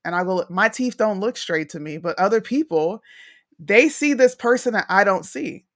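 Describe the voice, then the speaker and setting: A young woman speaking in a frank, casual podcast chat. She tells personal stories with animated asides and quick restarts. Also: medium pitch. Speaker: podcast co-host.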